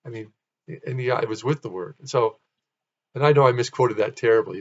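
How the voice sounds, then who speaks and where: A man's voice: mid-range voice, brisk, a little mellow, lo-fi sound. A man giving an informal, conversational Bible teaching, often restarting and correcting himself.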